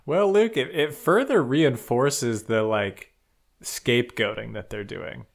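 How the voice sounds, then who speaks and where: A man's voice: mid-range voice, creaky. A young man co-hosting a podcast, bantering playfully about a book. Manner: playful, quick to mimic characters. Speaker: podcast co-host. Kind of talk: casual book discussion chat.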